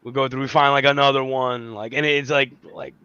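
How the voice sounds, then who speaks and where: Bright-voiced man chatting loosely. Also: medium pitch, level tone, a little fast, clean tone, dry recording. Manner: loose, filler-heavy, says bro a lot. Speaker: podcast co-host. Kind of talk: casual chat. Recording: dull dry lo-fi recording.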